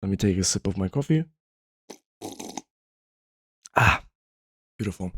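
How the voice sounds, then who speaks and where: Low-voiced man with a worn, tired voice. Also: lively intonation, fast talker, fairly bright tone, breathy edge. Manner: rambling, frequent "you know" fillers. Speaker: video host. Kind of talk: casual explanatory talk.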